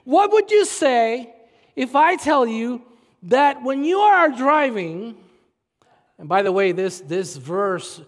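A man preaching a sermon as pastor, animated, with sudden shouts and mocking put-on voices. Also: very high voice, takes it slowly, in a large hall.

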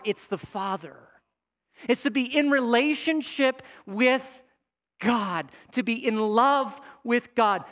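A man preaching a sermon, animated, rising to a shout at points. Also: extremely high pitch. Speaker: pastor.

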